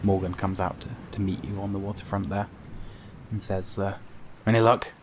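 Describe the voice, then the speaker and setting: Low-voiced game master narrating. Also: male voice, completely flat delivery, moderate pace. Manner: hesitant, filler-heavy narration. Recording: noisy background.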